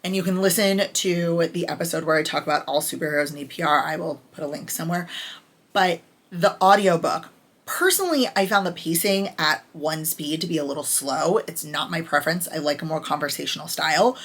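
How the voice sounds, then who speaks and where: A woman's voice: deep voice, brisk, fairly bright tone. Chatty woman reviewing romance books. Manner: chatty, candid, enthusiastic about favorite lines. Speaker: book reviewer. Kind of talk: casual book review chat.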